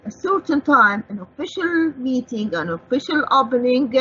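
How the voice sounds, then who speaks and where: Over dull, lo-fi broadcast sound, a woman with a high, pushed, bright and slightly rough voice swings widely in pitch at a moderate pace. She's an Arabic speaker with an Egyptian accent running an English vocabulary lesson, posing questions about each word and answering them herself.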